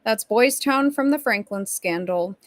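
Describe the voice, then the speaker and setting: A woman's voice: a little high, expressive, unhurried, dry recording, studio quality. A woman hosting a casual livestream, reading chat messages aloud and rambling through her commentary. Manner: chatty, rambling, reacts to chat. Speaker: streamer host.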